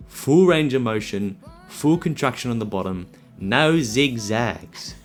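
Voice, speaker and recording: A man's voice: medium pitch, animated, moderate pace, darkish tone, soft background music. A young Australian man giving playful, teasing workout commentary and tips as a voice-over. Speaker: fitness vlogger.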